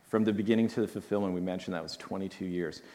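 Low-voiced man preaching in a reverberant hall. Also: steady tone. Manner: reads slowly and softly, then comments with emotion. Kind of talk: sermon with scripture reading.

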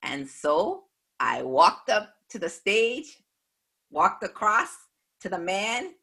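A woman earnestly recounting a personal faith testimony in a measured way. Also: medium pitch, big pitch swings, gravelly, pushed and bright, breathy edge. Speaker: speaker giving a faith testimony.

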